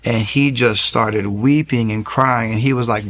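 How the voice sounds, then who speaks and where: This interview guest, a young pastor in his thirties, tells his faith testimony in an earnest, story-driven way, often starting sentences over. He has a mid-range, slightly bright voice with a steady tone and talks a little slowly.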